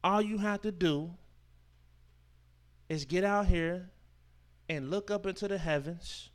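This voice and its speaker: A high-voiced man teaching a Sabbath scripture class preaches a sermon, reading verses aloud and explaining them. He alternates between forceful declarations and hushed asides, slowing to stress key words and leaning on informal speech and rhetorical questions.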